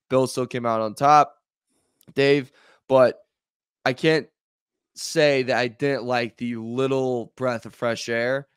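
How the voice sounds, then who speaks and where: A man co-hosting a sports podcast, chatting in a relaxed way. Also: medium pitch, clear, resonant tone, no room sound, clean studio sound. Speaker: podcast co-host. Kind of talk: casual sports chat.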